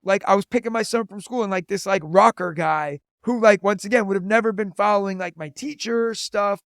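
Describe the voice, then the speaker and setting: A man in his thirties talks easily as an interview guest, spinning stories with a high voice and a steady stream of "like" fillers. The sound is dry and close, with no room around it. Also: a little fast, creaky, no echo. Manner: chatty storyteller, lots of "like" fillers. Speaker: podcast guest, teacher and comedian. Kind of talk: casual interview chat.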